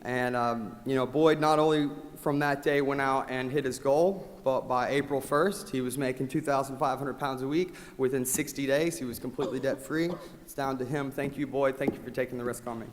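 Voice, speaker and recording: A man giving a motivational award speech at a company rally, his delivery swinging from loud rallying calls to quiet thanks. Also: mid-range voice, fairly even intonation, a little fast, few pauses. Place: large event hall. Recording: long hall reverb.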